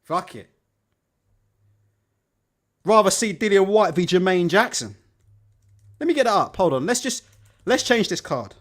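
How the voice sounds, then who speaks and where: A man's voice: high-pitched, unhurried, pauses often. A man hosting a live boxing stream, swearing and sarcastic in his commentary. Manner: profane, sarcastic, animated. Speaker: boxing show host.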